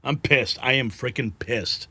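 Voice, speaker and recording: A man's voice: mid-range voice, a little slow, sharp tone, slightly rough. A man hosting a live political news stream, frustrated and agitated, sighing and swearing between headlines. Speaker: livestream news host.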